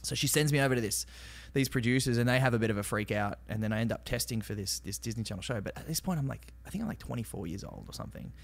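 A man's voice: mid-range voice, fast, hardly any pauses. An Australian man telling stories in a casual interview, rambling with many fillers. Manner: rambling, many fillers, acts out quoted voices. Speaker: actor guest.

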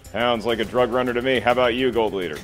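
A man's voice: medium pitch, fairly even intonation, fast talker, soft background music. A man hosting a live trivia quiz with playful banter, counting down answers and teasing the contestants. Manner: playful, jokey, counts down timers. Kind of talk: game show hosting with banter.

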